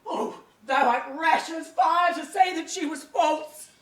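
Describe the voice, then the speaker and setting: A woman's voice: very high-pitched, measured pace, a bit bright. A woman playing a horrified grieving maid. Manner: cries out, sobbing and accusing. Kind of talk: amateur stage acting. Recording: roomy echo from far off.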